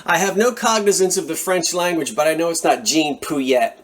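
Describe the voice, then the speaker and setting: A man's voice: fairly high pitch, moderate pace. A man enthusiastically showing off antique finds from a thrift haul in a chatty, casual vlog. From Philadelphia area. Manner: animated, enthusiastic, chatty asides. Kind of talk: casual show-and-tell vlog.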